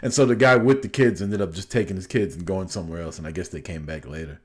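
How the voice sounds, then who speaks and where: A man co-hosting a podcast, telling a profane, animated story in casual chat. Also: low voice, quick pace. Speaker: podcast co-host.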